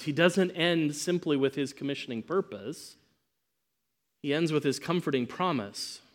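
A man preaching a sermon, emphatic, swinging between loud proclamation and quiet asides. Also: on the high side.

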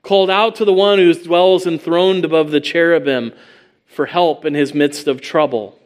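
Earnest preacher with a raised pitch. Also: male voice, fairly even intonation, moderate pace. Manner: earnest expository preaching, rhetorical questions. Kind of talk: sermon.

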